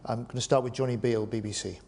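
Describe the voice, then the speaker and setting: A man, a minister running a press conference, who answers questions in a firm, measured way. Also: medium pitch, steady tone, darkish tone.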